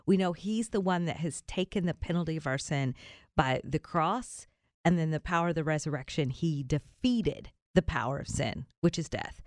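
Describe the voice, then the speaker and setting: A woman with a Southern US accent hosting a Christian morning radio show, animated and often laughing. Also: low-pitched, moderate pace, no room sound, studio quality. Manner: animated and laughing, reads devotionals. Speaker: radio host.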